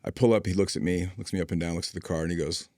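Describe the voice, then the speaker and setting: A man hosting a podcast, telling a relaxed and wry anecdote in a casual conversational manner. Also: deep voice, racing, no room sound, clean studio sound. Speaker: podcast host.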